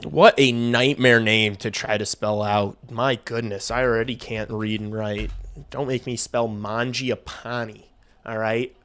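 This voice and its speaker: A man's voice: medium pitch, fairly even intonation, unhurried, fairly bright tone, clean tone. A man hosting a casual hockey livestream, rambling and swearing offhandedly. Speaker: livestream host. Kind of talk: casual livestream sports commentary.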